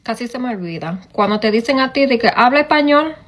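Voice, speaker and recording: A woman chatting casually to camera in an animated way, switching between two languages. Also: a little high, fast. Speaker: video creator.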